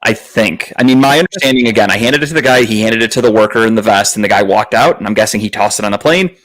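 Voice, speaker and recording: A man's voice: fairly low pitch, fast, fairly bright tone, rough recording. A man hosting a podcast, telling a story in a casual way. He curses a lot, sounds exasperated, and acts out other people's lines in a raised voice. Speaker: podcast host.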